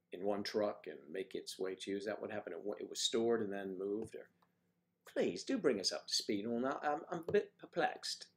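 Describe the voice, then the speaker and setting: An older man hosting a casual morning livestream, chatting playfully and greeting viewers by name as he reads their comments. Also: lowish voice. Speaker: livestream host.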